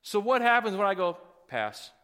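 A man's voice: high voice, very animated, normal speed, sharp tone, smooth, in a large hall. A man pastor delivering a sermon with folksy asides, building to emphatic, rising passages.

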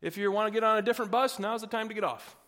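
Guy preaching a sermon, pretty high voice, folksy, gets fired up, big reverby church hall. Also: very fast, fairly bright tone. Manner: preaching with rising intensity, folksy asides. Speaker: pastor.

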